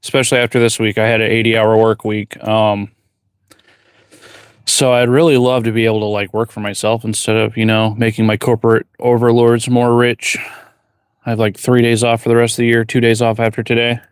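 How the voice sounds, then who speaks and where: A man's voice: medium pitch, little pitch movement, fairly quick, smooth, no room sound, studio quality. A man who is a blacksmith, chatting casually on a livestream from his forge workshop, rambling and reading viewer questions aloud.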